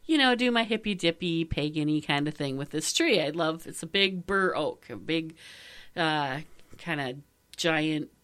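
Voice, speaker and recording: A woman's voice: deep voice, unhurried, clean tone. A woman telling a long personal story in casual chat, laughing often and acting out what was said. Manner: animated storytelling, laughs often, acts out voices.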